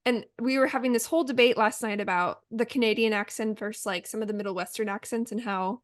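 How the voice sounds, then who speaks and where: Upbeat higher-voiced woman co-host. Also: no echo, clean studio sound. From Oregon. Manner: chatty, upbeat, quick asides. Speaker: podcast co-host. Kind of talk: casual chat.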